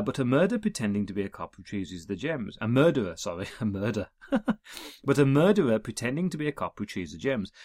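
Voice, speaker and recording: A man's voice: lowish voice, a little mellow, no echo, studio quality. A man reading through an episode guide in a casual way, adding wry asides and small chuckles. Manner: reads listings, adds wry chuckling asides.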